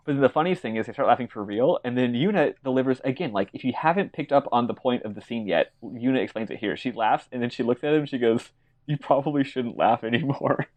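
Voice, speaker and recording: A man's voice: medium pitch, fast, hardly any pauses, darkish tone, dull audio. A man co-hosting a podcast, casually recapping a game's plot and acting out characters' lines with laughs and swearing. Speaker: podcast co-host. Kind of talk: casual chat recapping a game.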